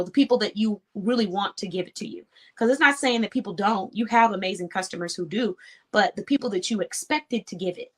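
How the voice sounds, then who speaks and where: Speaking as host of an online show, a woman offers small business owners an earnest, encouraging talk with a relaxed, chatty feel. Her voice is medium-pitched and fairly bright, and laughter comes easily to her.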